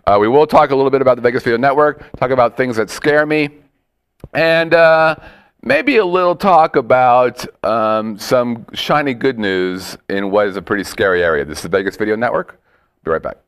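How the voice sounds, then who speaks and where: A man's voice: medium pitch, moderate pace, clean tone. A man hosting a casual web show, joking around and laughing with his co-host. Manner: joking, animated, breaks into laughter and silly voices. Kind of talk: casual chat.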